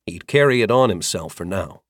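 Man, audiobook narrator, expressive, steady, low voice, dry sound. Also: a little fast, dry recording.

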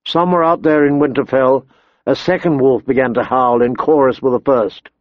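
A man narrating an audiobook in a measured, expressive storytelling voice. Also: medium pitch, no echo. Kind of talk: scripted narration. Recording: dull dry recording.

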